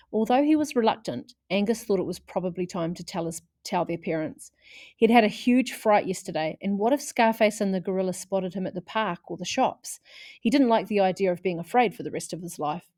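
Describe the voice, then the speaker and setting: A woman reading a children's chapter book aloud in a lively way, putting on voices for the characters. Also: lowish voice, dry recording, studio quality. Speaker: audiobook reader.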